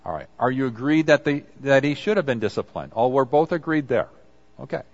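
A man's voice: medium pitch, lively intonation, brisk, lo-fi sound. A man preaching a conversational sermon, acting out quoted apologies as he goes. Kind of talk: sermon on confession.

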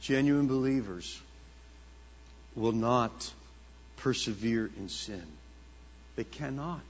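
A man preaching a sermon as the pastor, dramatic and swinging between hushed tones and loud bursts. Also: medium pitch, takes it slowly, a little hiss or hum. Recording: dull lo-fi sound with long hall reverb.

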